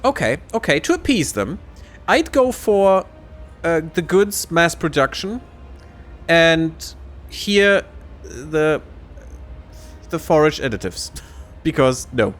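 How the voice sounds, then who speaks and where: Lively, chatty male game streamer. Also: fairly high pitch, slow, pauses often, soft background music. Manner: chatty, laughs often, reads game text aloud. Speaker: gaming streamer. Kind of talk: casual let's-play commentary.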